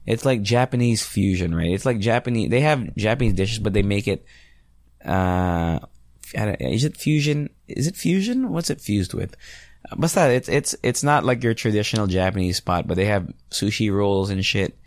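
Gravelly low-voiced man. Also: normal speed, no echo, studio quality. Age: 30s. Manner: rambling, chatty, swears freely. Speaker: podcast host and radio DJ. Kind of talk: casual solo podcast chat.

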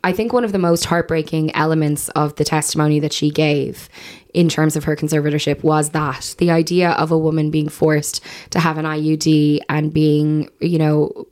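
A woman's voice: low voice, little pitch movement, moderate pace, darkish tone. A woman hosting a chatty podcast, playful and jokey, laughing often. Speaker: podcast host. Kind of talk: casual chat.

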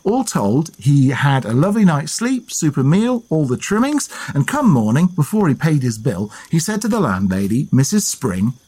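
A man co-hosting a podcast, telling history and folklore stories in a lively, playful way. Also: a little high, normal speed, few pauses, breathy edge. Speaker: podcast co-host. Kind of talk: storytelling history chat.

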